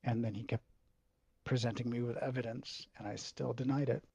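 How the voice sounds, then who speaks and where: A man telling a personal story in a halting, emotional way, swearing freely. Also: medium pitch, steady tone, creaky, warm tone, slightly rough, no echo, highs cut off. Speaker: video host.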